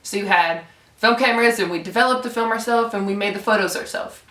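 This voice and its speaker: Young woman, casual storyteller, swears a lot, bright voice, echoey room. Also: medium pitch, quick pace, distant mic. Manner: animated, swears freely, acts out quotes loudly. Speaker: YouTuber telling a story.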